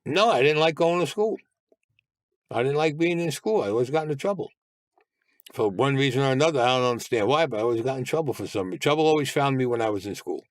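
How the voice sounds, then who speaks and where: An older man tells his stories in a blunt, streetwise way and swears freely. His voice sits at an ordinary pitch, and the recording is dry and close with no room sound. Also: lively intonation, fast talker, no echo. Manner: blunt, streetwise storytelling with profanity. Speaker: interview guest. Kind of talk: casual storytelling.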